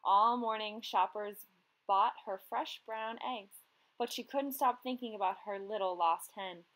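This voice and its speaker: Gentle woman reading a children's story. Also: mid-range voice, a little slow, rough recording. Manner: gentle, expressive, addresses young readers. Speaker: teacher reading aloud. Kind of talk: children's story read-aloud.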